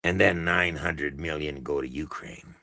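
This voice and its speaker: A man's voice: rumbling low, steady tone, a little slow, pushed and bright, no room sound, clean studio sound. A man hosting a livestream, delivering a profane, exasperated political rant with heavy emphasis. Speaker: livestream host.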